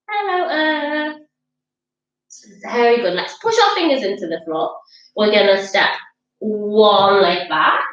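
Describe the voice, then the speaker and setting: A woman's voice: high voice, a bit bright, roomy sound, highs cut off. A woman leading a children's yoga class in a playful, coaxing, sing-song way. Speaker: kids' yoga teacher.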